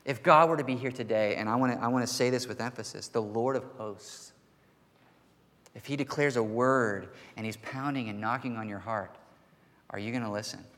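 A man preaching a sermon to his church in an earnest voice that rises to forceful emphasis. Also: mid-range voice, brisk. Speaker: pastor. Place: church sanctuary. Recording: long hall reverb.

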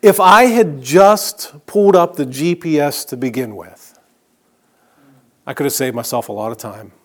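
Male pastor, middle-aged, fairly high voice, chatty sermon delivery, hushed key lines. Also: expressive, measured pace. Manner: conversational storytelling, drops to a soft hush on key phrases.

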